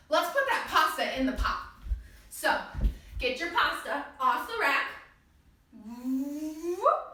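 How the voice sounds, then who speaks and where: A woman leads a children's yoga class, her high, bright voice bouncing through lively swoops as she cheers the little ones along. She sounds a few steps back from the mic in a strongly echoing room. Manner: playful, encouraging, sing-song. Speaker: kids yoga teacher. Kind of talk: guided kids yoga class with pretend play. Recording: echoey room, voice from a distance.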